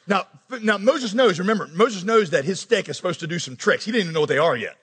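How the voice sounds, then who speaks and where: A male pastor preaching a sermon, animated, acting out quoted characters as he goes. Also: high-pitched, quick pace, hardly any pauses, breathy edge, in a large hall.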